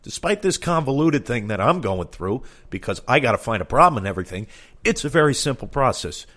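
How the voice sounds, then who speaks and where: A man's voice: mid-range voice, big pitch swings, fairly quick, fairly bright tone. A man doing a comedic storytelling monologue, exasperated and profane, acting out both sides of the conversations he recounts.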